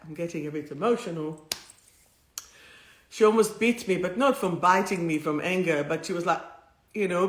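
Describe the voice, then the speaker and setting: A woman's voice: lowish voice, normal speed. Rambling emotional woman in an echoey room. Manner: warm, rambling, emotional, easily moved. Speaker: spiritual healer and host. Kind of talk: live-streamed casual talk. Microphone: two phones streaming at once. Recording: roomy echo.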